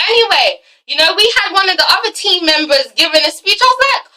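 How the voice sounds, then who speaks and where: High, bright excitable woman reviewer. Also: rough recording. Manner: excitable, profane, acts out characters in quick asides. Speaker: TV episode reviewer. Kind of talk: casual recap vlog.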